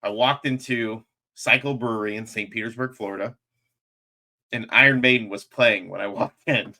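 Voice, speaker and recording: A man hosting a podcast, chatting casually and telling lively stories in which he acts out what people said. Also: on the low side, moderate pace. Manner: animated storyteller, acts out quotes. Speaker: podcast host.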